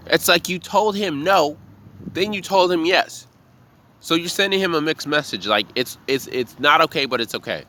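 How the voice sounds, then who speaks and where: Bartender guy ranting about gut feelings, swears a lot, bright edgy voice, little bit of background hum. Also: a little high, normal speed. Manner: blunt, profane, animated storytelling. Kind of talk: casual motivational monologue.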